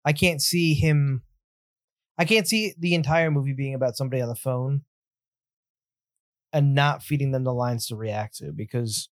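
A man co-hosting a podcast in a casual film chat, speaking in a measured, thoughtful way. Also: medium pitch, no room sound, clean studio sound. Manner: measured, thoughtful, draws on stage acting experience. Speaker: podcast co-host.

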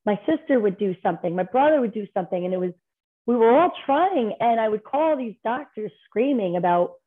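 A woman guest on a podcast, telling personal stories in a candid, rambling way with quick restarts. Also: a little high, lively intonation. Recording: tinny phone-like line.

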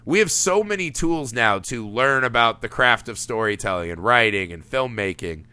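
A man hosting a podcast, chatting casually about a film, animated and laughing often with casual swearing. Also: mid-range voice, normal speed, smooth. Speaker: podcast host.

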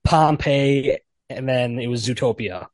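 A man's voice: mid-range voice, measured pace, dry recording. A man appearing as a podcast guest, joking in casual chat with many filler words.

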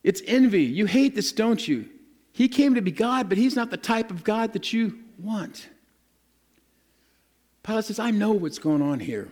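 A male pastor preaching a sermon, retelling scripture in a lively, casual storytelling way and acting out the people in it. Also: high voice, unhurried, pauses often.

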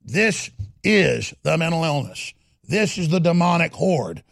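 A man hosting a talk radio show, delivering a heated, ranting monologue that swings between loud and quiet. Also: a little high, sing-song, unhurried, creaky, dry recording, clean studio sound.

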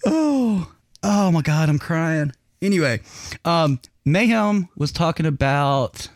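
A man hosting a loose, profane podcast, swinging his voice up high whenever he acts out a story. He laughs often and swears constantly. His recording is dry and close, with no room sound. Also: expressive, slow, dry recording. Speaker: podcast host. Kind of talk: casual chat.

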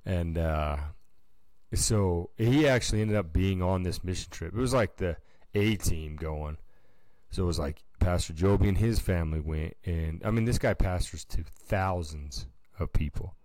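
A man with a very deep voice co-hosts a casual chat podcast. He tells his story in a relaxed, slangy way. His voice sounds dry and close, with no room echo. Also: unhurried. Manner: laid-back, slangy storytelling. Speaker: podcast co-host.

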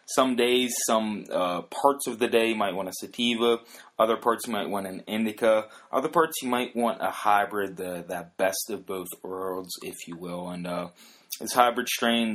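A man with a lowish voice talks through a topic on his own show. He rambles loosely, tripping into restarts and filling gaps with "uh" and "if you will." It sounds like an unscripted solo podcast. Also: normal speed, fairly bright tone. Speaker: podcast host. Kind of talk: casual solo explainer.

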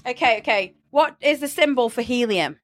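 A woman's voice: on the high side, animated, moderate pace. A woman interviewer running a casual quiz, playful and teasing as she gives clues.

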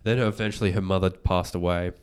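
A man, hosting a podcast and retelling a story in casual chat, animated and swearing freely. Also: sits low, quick pace, clear, resonant tone. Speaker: podcast host.

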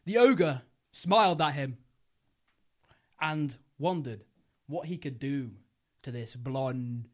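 A man's voice: medium pitch, slow, pauses often. A young man, co-hosting a podcast, rambling and giggling as he makes up a silly story. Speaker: podcast co-host. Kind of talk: casual podcast chat, improvised storytelling.

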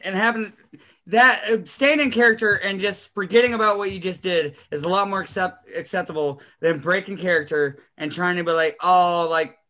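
Podcast host guy, high voice, cusses a lot and laughs a bunch. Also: fairly quick, sharp tone. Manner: laughs often, swears freely. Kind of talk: casual podcast chat.

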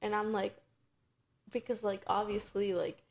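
Young woman with a gravelly, creaky voice. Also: mid-range voice, unhurried. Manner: animated storyteller, acts out scenarios in quoted voices. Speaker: podcast co-host. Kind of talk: casual chat.

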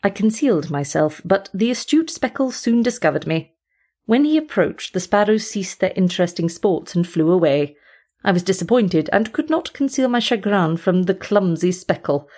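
A woman narrating a storybook in a measured, formal first-person reading. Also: mid-range voice, expressive, a little mellow. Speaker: audiobook reader.

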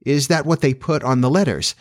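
A well-mannered young girl from a storybook who is courteous but a touch patronizing, as a man voices her. Her voice sits high above an adult's. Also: fairly quick, close to an everyday voice. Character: polite, slightly prim young girl.

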